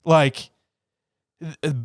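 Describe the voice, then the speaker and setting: A man's voice: very slow, no room sound, studio quality. A man from Northeast Georgia, co-hosting a podcast and telling stories with frequent laughs and stumbles. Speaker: podcast co-host. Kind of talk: casual chat.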